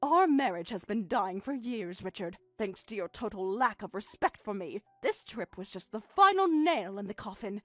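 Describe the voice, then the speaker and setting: A woman's voice: medium pitch, big pitch swings, normal speed, few pauses, fairly bright tone, no room sound, soft background music. A synthetic female text-to-speech voice reading a hurt, sarcastic middle-aged mother in a text-message story. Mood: bitter.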